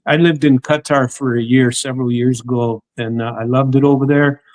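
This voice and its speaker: Rambling middle-aged host. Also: male voice, medium pitch, steady tone, brisk, darkish tone, no echo, low-quality recording. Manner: rambling, many restarts. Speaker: interview host. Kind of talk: casual conversation.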